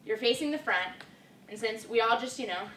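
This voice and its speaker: A woman's voice: a little high, moderate pace, fairly bright tone. A young woman teaching line dance steps, upbeat and counting each move out aloud. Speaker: dance instructor. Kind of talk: step-by-step dance instruction. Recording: roomy and distant with faint background noise.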